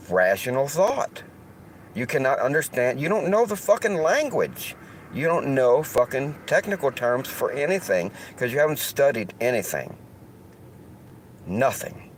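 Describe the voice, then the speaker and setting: A man's voice: on the low side, slight background noise, rough recording. A man with a Southern US accent rambling through a casual livestream monologue, cursing heavily as he talks. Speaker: streamer host.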